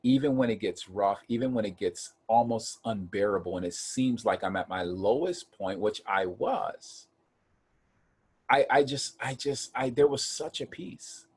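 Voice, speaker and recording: A man from Ohio earnestly telling a personal story of hard times in a casual chat, getting animated when he acts out quotes. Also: fairly low pitch, unhurried, slightly rough. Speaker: guest.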